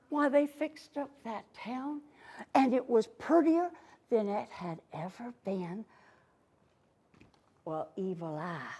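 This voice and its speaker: Animated woman storyteller with cowgirl twang. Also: a little high, slow pace. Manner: folksy cowgirl persona, call-and-response with children. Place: library story room with children.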